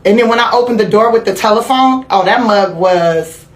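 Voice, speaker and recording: A woman telling a candid personal story in a casual interview, animated and profane, laughing as she goes. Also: medium pitch, moderate pace, reverberant. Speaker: interview guest.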